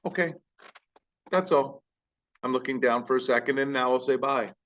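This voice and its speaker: A man who teaches high school, talking casually to camera in a rambling, self-deprecating way. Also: moderate pace, fairly bright tone, dull audio. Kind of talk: casual vlog talk.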